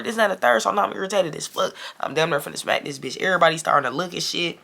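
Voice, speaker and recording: A man's voice: racing, creaky, hardly any pauses. A man telling a casual, profane storytime to his viewers, talking straight to them as y'all. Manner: animated, profane, keeps addressing the audience as y'all; gets louder and higher when irritated.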